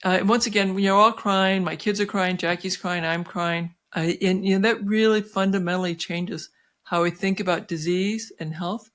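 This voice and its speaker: At a moderate pace and medium pitch, a woman in her 60s, a doctor invited onto an interview, tells her own story. It's lively and dotted with fillers and restarts, and she acts out the quoted voices as she goes.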